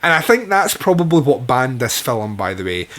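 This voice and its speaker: A man's voice: medium pitch, very animated, moderate pace, a bit bright. A man co-hosting a podcast, chatting casually and enthusiastically about a horror film, swearing freely. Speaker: podcast co-host. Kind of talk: casual film review chat.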